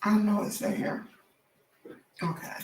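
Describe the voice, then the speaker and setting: A hoarse woman hosting a casual gossip livestream, chatting straight to her viewers. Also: a little slow, darkish tone, echoey room, distant mic, a little hiss or hum. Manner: chatty, addresses viewers directly as y'all. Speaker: celebrity gossip livestream host.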